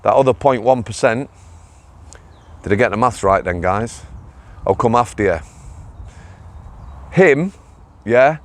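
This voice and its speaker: A man's voice: medium pitch, no room sound. A middle-aged man with a Greater Manchester accent, a former prison officer telling blunt, chatty stories on his own channel. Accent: Northern English, Greater Manchester. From England. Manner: blunt, chatty, drops in local dialect words. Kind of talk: casual storytelling vlog.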